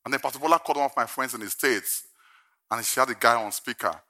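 A man's voice: medium pitch, fast talker, bright, forceful tone. An older man preaching a sermon, telling a humorous personal story and then preaching emphatically from scripture. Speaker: pastor.

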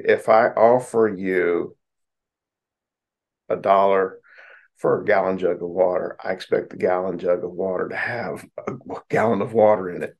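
A middle-aged American man, a psychotherapist host, giving casual advice to his listeners in a folksy, joking way. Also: sits low.

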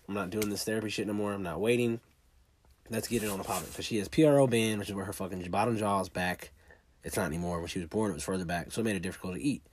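A man tells a personal story in a blunt, heavily profane way, often talking fast. The recording is dry and close, with no room sound. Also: lowish voice, no echo.

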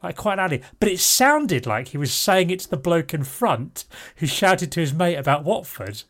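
A man's voice: on the high side, big pitch swings, normal speed, fairly bright tone. Rambling storyteller, chuckling man. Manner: rambling, self-correcting storyteller who breaks into laughter. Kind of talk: casual anecdote on a podcast.

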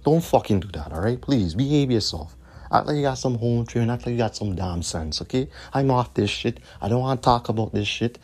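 A man's voice: mid-range voice, lively intonation, a little fast, a little mellow, slight background noise. A man hosting his own podcast, ranting in a combative, profane way and repeating his points. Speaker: podcast host.

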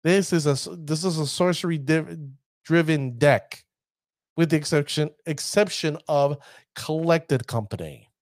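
A man giving casual commentary on a card game deck, chatty and addressing his viewers as ladies and gentlemen. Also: a little high, measured pace, dry recording, clean studio sound.

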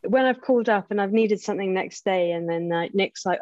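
A woman's voice: medium pitch, brisk, hardly any pauses, darkish tone, dry recording, dull audio. A young woman hosting a casual podcast, chatty and full of fillers like "like". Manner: chatty, lots of "like", laughs along. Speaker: podcast host.

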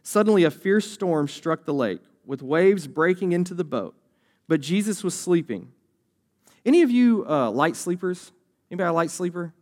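A young man delivering a sermon as a youth pastor, with a somewhat higher voice. He keeps it conversational and lively, and now and then acts out the voices of people in the story.

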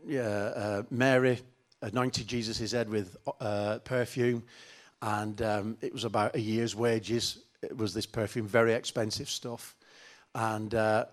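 A middle-aged man preaching a sermon in a chatty, joking, self-mocking way. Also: medium pitch. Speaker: pastor.

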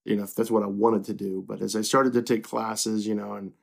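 Gravelly-voiced middle-aged man, low and unhurried. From Kentucky. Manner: relaxed and reflective, with many fillers and restarts. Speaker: newspaper publisher, guest. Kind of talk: casual interview.

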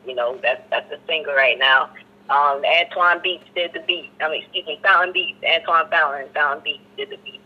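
A man's voice: on the high side, normal speed, husky, muffled recording. A man who is a rapper, talking casually and laid-back as a guest in a radio interview, often saying "you know what I'm saying.".

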